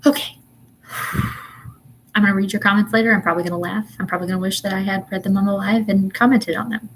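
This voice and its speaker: A woman's voice: medium pitch, steady tone, fast, slight background noise, rough recording. A young woman, a mother, ranting in a casual livestream chat, exasperated and chatty with lots of ums and laughs. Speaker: vlogger and mother.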